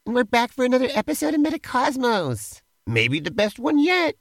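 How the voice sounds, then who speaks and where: A man's voice: extremely high pitch, wildly swooping pitch, moderate pace, no echo. A man co-hosting a comedy show, teasing his partner in playful, improvised role-play banter. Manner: upbeat, teasing, playfully pushy. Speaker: co-host.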